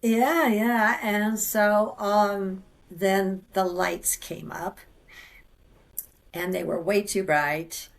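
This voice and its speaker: A middle-aged woman, a guest on an interview show, telling a personal story in an animated way and laughing often. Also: mid-range voice, drawn-out words, vocal fry.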